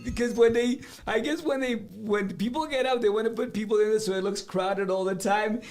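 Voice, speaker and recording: High, animated man. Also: a little fast, a little hiss or hum. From South Texas. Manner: animated, laughing, repeats words. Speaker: guest musician. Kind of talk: casual storytelling.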